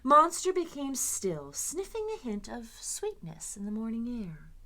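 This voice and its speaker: Lively woman reading a children's story. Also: a little high, unhurried. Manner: expressive, dramatic storytelling. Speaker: children's librarian. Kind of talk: reading a picture book aloud to children.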